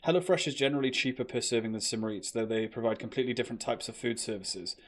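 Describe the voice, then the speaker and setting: A young British man chats casually on a live stream, joking with his viewers, talking to chat, and swearing a lot. His voice is medium-pitched and rapid-fire.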